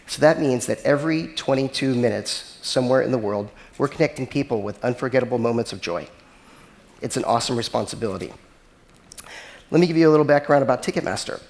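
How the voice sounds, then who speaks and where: A man speaking at a mid pitch, giving a conference keynote as a technology executive. His delivery is casual and conversational, dotted with filler words. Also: lively intonation, fast talker, a little mellow. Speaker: chief technology officer giving a conference talk.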